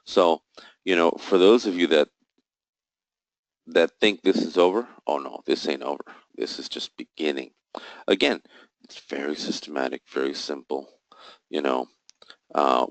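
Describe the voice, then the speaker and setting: A man's voice: extremely low pitch, dry recording, rough recording. A man teaching a live trading session, walking through charts step by step, posing questions and answering them himself, with emphatic, jokey asides. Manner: explains step by step, asks and answers his own questions. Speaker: trading instructor.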